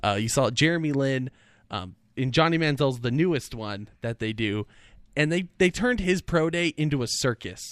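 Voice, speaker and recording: A man's voice: mid-range voice, animated, moderate pace, dry recording. A man co-hosting a casual sports talk show, easygoing and telling stories between laughs. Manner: easygoing, laughs often, storytelling. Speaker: co-host.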